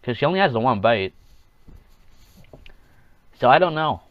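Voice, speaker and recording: A man's voice: mid-range voice, big pitch swings, moderate pace, no room sound, narrow, tinny audio. A man hosting a casual solo podcast, rambling along, chuckling at his own jokes and acting out quotes in offhand voices. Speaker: podcast host.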